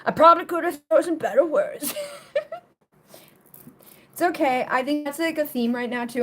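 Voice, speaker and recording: A woman's voice: sits high, moderate pace, long pauses, fairly bright tone. A woman reading tarot on a casual live stream, rambling with lots of swearing, laughter and playful silly riffs on words. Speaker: tarot reader.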